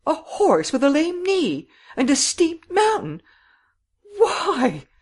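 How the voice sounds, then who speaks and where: A man voicing an anxious, tearful lady rider in a shrill, pleading tone for an audiobook. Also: sing-song, moderate pace, husky. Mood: distressed. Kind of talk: audiobook character reading.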